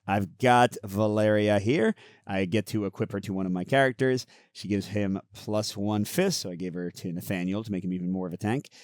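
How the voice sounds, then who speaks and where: Low-voiced man explaining game rules. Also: normal speed, smooth, no room sound, clean studio sound. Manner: relaxed, explaining rules as he goes. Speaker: host. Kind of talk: casual game playthrough and review.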